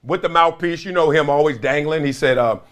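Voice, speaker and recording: A middle-aged man hosting a podcast in a casual monologue, acting out conversations with sudden loud and soft swings. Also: fairly high pitch, fairly quick. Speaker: podcast host.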